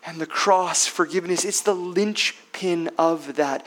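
Pastor, male, high voice, unhurried delivery, emphatic sermon with loud and hushed swings. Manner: asks rhetorical questions.

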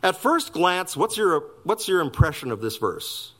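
Guy preaching a sermon, voice jumps up and down a lot, slows way down to stress things. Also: very animated, fairly bright tone. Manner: emphatic preaching with wide swings of pitch and pace, wry asides. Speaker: pastor.

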